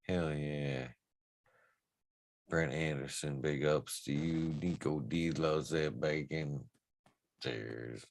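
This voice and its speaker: A man hosting a casual livestream chat, giving laid-back shout-outs to his viewers. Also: very deep voice, slow pace, creaky. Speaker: livestream host.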